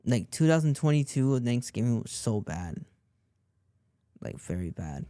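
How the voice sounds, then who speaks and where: A man's voice: mid-range voice, very animated, normal speed, warm tone, clean tone, dry recording. Young guy podcast host, dry close sound, just rambling on about his life, repeats stuff a lot. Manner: rambling, repeats himself, lots of "like". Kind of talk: personal storytelling.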